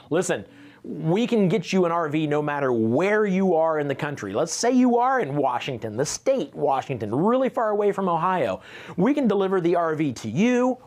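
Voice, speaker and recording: A man hosting a sales livestream with energetic, enthusiastic delivery. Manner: energetic, enthusiastic, lively swings in pitch. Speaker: livestream host. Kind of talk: promotional hosting.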